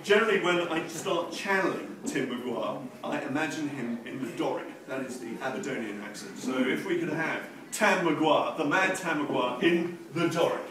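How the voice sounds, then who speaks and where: A man's voice: a little high, animated, normal speed, hardly any pauses. A man speaking at a live book launch, joking and self-mocking, laughing often between remarks. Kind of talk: casual live speech with jokes. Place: live reading event with audience. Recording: echoey room, distant mic, background noise.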